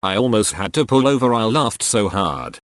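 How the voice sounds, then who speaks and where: A man with a somewhat low voice narrates online posts, reading short anecdotes one after another at a moderate pace. His delivery is steady and matter-of-fact, and the sound is dry and close with no echo.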